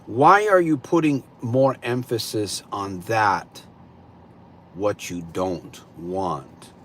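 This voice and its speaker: A man hosting a live stream, greeting viewers and slowly posing reflective questions to them. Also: lowish voice, a bit bright, slight background noise. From California. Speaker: livestream host.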